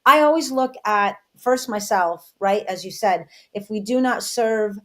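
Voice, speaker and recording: A woman's voice: mid-range voice, measured pace, fairly bright tone. A woman co-hosting an interview, who asks questions and keeps repeating her enthusiastic praise. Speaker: co-host.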